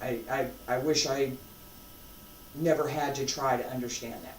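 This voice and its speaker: A martial arts instructor teaching a live class, emphatic and repetitive, swinging between loud and hushed. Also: mid-range voice, fairly even intonation, normal speed, slight background noise. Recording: roomy sound from a distant mic.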